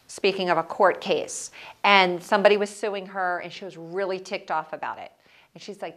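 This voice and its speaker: A middle-aged woman, a motivational speaker, telling stories in a workshop and acting out what people said, often laughing at herself. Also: mid-range voice. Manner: animated storyteller, acts out quotes, laughs at herself.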